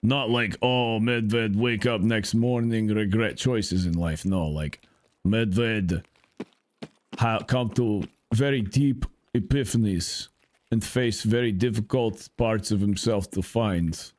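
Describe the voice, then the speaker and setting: A man's voice: lowish voice, slow pace, a little mellow. A man voicing a boastful male Russian bear mercenary in broken English with a put-on Russian accent, talking about himself in the third person during a gaming session. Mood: dreamy, boastful. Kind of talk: gaming commentary skit.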